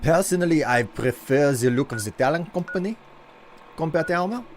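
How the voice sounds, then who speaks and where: A man's voice: on the high side, animated, moderate pace, faint music behind. A man streaming a video game and commenting on it in a put-on French-German accent, speaking in a stiff, formal, playful way. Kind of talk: casual gameplay commentary.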